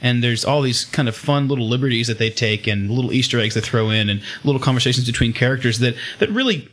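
A man's voice: mid-range voice, expressive, fast, fairly bright tone. A man chatting casually on a podcast about a comic, telling scenes with laughter and acting out the characters.

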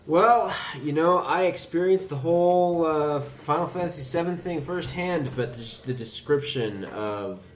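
A man in casual podcast chat, halting and repeating words as he thinks. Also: fairly high pitch. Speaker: podcast panelist.

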